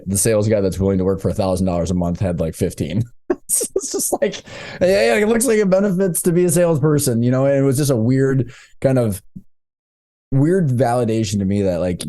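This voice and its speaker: Thirties male guest, low mellow voice, candid loose storyteller, casual podcast chat. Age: 30s. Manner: candid and loose, with slangy asides and frequent restarts.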